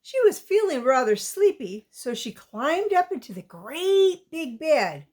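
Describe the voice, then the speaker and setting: Slow, lilting woman reading a children's story. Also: sits high, sing-song, darkish tone. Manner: slow, lilting, asks the young listener questions. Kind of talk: children's story read-aloud.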